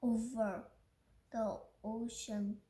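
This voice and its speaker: A Korean-native woman reads a children's picture book aloud, carefully and haltingly, restarting words as she goes. Her voice sits a little high and she reads very slowly. The room around her is echoey. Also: little pitch movement, mellow. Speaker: reader.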